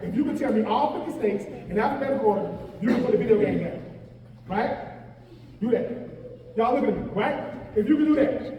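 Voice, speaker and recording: High-pitched man speaking in an echoey hall. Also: brisk, long pauses. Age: 40s. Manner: animated, joking, calls out to the crowd. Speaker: guest speaker. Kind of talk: motivational speech to young athletes. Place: large event hall. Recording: echoey hall, voice picked up from far off.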